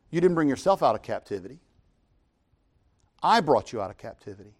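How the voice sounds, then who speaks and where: A man's voice: fairly high pitch, a little mellow. A man preaching a sermon, retelling scripture with emphatic, dramatic paraphrase.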